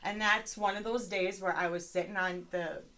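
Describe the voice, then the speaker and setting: Bright-voiced candid woman in her forties. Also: medium pitch, steady tone, normal speed. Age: 40s. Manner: candid, profane, laughing, rambling. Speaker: podcast co-host, mother. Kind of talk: casual chat.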